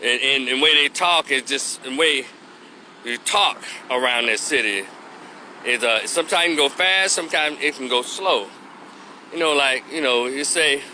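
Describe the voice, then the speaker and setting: A man's voice: a little high, animated, normal speed, pushed and bright, a little hiss or hum. A man from Memphis with a Memphis Southern accent, giving a casual opinion monologue in loose, rhythmic street talk. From Memphis, Tennessee. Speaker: commentary vlogger.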